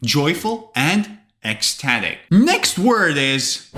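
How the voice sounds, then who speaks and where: Man, English teacher, video lesson, very animated pitch, slightly high voice, playful asides. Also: takes it slowly, slight background noise. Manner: expressive, lively delivery with playful asides. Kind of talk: vocabulary lesson to camera.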